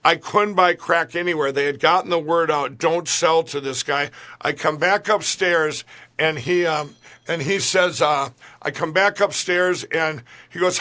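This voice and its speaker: A man's voice: fairly high pitch, moderate pace, bright, forceful tone. A man being interviewed, telling a long personal story in a rambling way, full of restarts. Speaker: guest. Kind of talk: conversational interview.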